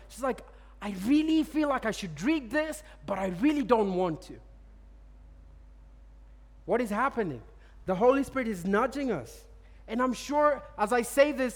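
A man preaching a sermon and telling personal stories. He chuckles often and repeats words as he tells them. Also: extremely high pitch. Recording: long reverb of a large hall.

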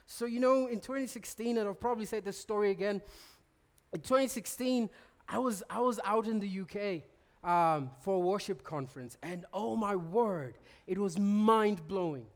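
A man giving a sermon, telling stories with lively restarts and laughter. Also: sits high, normal speed. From Kenya. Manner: animated storytelling, stammered restarts, bursts of laughter. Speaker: preacher.

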